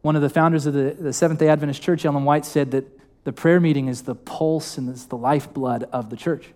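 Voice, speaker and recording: This young preacher speaks a little fast, his slightly high, mellow voice holding a fairly even intonation. Addressing a church hall, he stays informal and conversational while continually asking the congregation questions.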